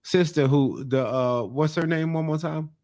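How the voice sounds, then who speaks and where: Animated man storyteller with a New York accent. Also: a little high, moderate pace. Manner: animated storyteller, acts out quotes. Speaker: podcast co-host. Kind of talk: casual chat recapping a reality show.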